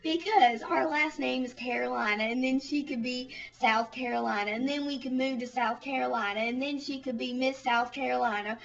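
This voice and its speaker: A woman's voice: high voice, fairly even intonation, moderate pace, gravelly, few pauses, a bit bright. A young woman doing a sweet old wife, singsong. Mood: sweetly scheming. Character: old Southern wife scheming over baby names. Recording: distant, dull lo-fi home recording.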